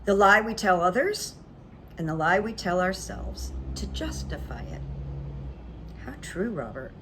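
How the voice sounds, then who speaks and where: A woman hosting her own channel, telling stories in a chatty, confiding way that trails off softly at the ends of phrases. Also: medium pitch, sing-song, moderate pace. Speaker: channel host. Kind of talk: casual storytelling monologue. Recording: faint background noise.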